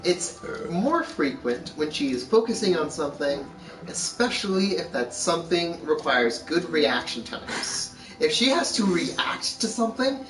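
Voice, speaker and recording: A man's voice: on the high side, very animated, measured pace, fairly bright tone. A man telling amused, exasperated stories in a casual family chat. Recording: distant, echoey, with music behind.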